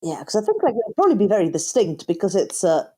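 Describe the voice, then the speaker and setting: A woman's voice: mid-range voice, very animated, fast talker, mellow, husky. A woman co-hosting a casual podcast chat, thinking aloud with hesitant, self-correcting phrasing. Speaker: podcast co-host.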